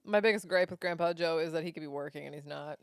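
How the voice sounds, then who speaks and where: A woman's voice: deep voice, fast, no echo, clean studio sound. A woman in casual podcast chat, teasing her co-host with laughing banter.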